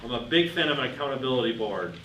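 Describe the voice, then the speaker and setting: A man's voice: mid-range voice, expressive, fast talker, fairly bright tone. Man, workshop speaker, storytelling with questions to the audience, sits back from the mic, reverberant room. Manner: tells anecdotes and asks the audience questions. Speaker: business speaker. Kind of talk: workshop talk with told stories. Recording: roomy, far from the mic, faint noise.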